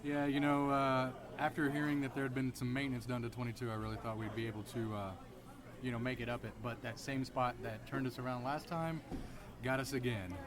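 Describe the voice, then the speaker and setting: A man's voice: medium pitch, steady tone, fairly quick. A man chatting easygoing and matter-of-fact as a guest on an off-road podcast, at a restaurant. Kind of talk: casual chat. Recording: busy restaurant chatter behind.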